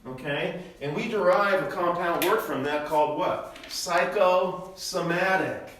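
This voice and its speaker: An older man teaches a church Bible study, his voice sitting a touch high for a man. He works through his points with rhetorical questions, checking in with "okay?" over and over. The recording is heavily echoey, picked up from a distance in a church room. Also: a little slow, fairly bright tone, slight background noise. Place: church classroom.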